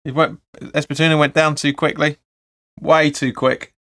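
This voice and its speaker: A man's voice: fairly high pitch, flat delivery, normal speed, a bit bright. A man hosting a live football watch-along, calling the play and chatting through viewer comments with blunt opinions. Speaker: fan channel host.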